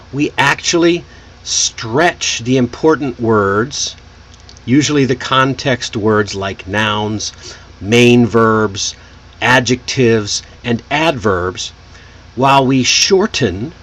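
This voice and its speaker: An American man teaching English pronunciation, slowly explaining and demonstrating example phrases. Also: medium pitch, a bit bright. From United States. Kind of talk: pronunciation lesson.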